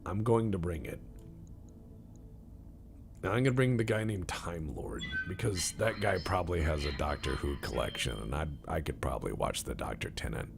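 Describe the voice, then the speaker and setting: A man's voice: very deep voice, animated, moderate pace, gravelly, music in the background. A man streaming a game and talking casually, rambling in a joking, mock-serious way.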